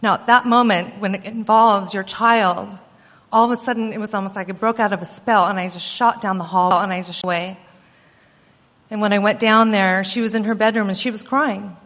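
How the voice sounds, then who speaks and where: A woman's voice: mid-range voice, steady tone, normal speed, fairly bright tone. A woman, a mother, earnestly recounting a personal experience, often acting out quoted dialogue. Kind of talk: personal storytelling. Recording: long hall reverb.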